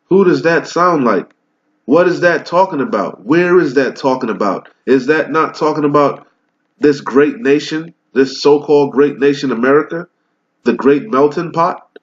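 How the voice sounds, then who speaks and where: A man in the middle pitch range delivers fiery scripture teaching, firing off rhetorical questions and answering them himself. He slows down to read the verses deliberately. The recording sounds dull and lo-fi. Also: animated. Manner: reads old scripture slowly and deliberately. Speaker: preacher.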